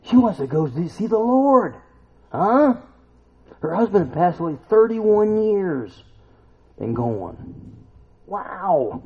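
A man preaching a sermon, emphatic and full of rhetorical questions, now and then climbing to loud exclamations. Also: high-pitched, very animated, slow pace, long pauses, slightly rough. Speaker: pastor. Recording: tinny phone-like recording.

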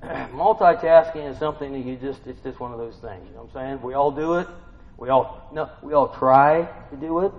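A man's voice: medium pitch, fairly quick. A man giving an informal sermon, talking to listeners conversationally, asking them questions and humming to himself between points. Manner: conversational, asks listeners questions, hums and affirms. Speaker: preacher. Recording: dull lo-fi recording with long hall reverb.

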